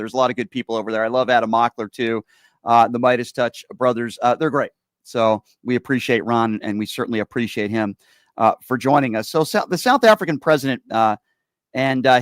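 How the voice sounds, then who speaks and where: A man's voice: mid-range voice, dry recording. A man hosting a political talk show, chatty and emphatic, with lots of fillers. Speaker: host. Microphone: streaming setup microphone.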